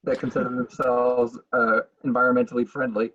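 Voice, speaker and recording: A man's voice: medium pitch, little pitch movement, brisk, a bit bright. A man playing in a tabletop game, speaking in dry, plain statements over a muffled microphone. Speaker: player. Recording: dull, muffled mic.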